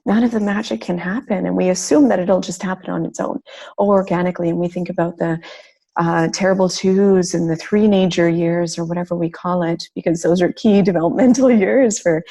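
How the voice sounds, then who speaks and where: A woman's voice: on the low side, fairly even intonation, a little fast, creaky, mellow. A woman hosting a podcast interview, speaking in an earnest, reflective way. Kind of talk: conversational interview.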